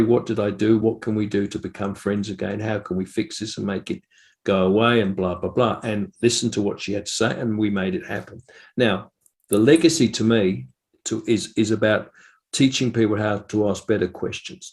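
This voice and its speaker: A man tells personal anecdotes in an interview, his low, gravelly voice earnest and animated. He slips into the voices of the people he quotes as he goes. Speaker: interview guest. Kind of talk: storytelling in an interview.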